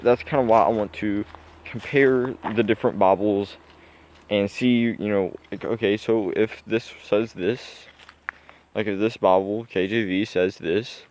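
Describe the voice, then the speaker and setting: A man's voice: on the low side, a little mellow, slight background noise. A young man musing aloud in a casual vlog, rambling with many fillers and restarts. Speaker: vlogger. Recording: dull lo-fi sound.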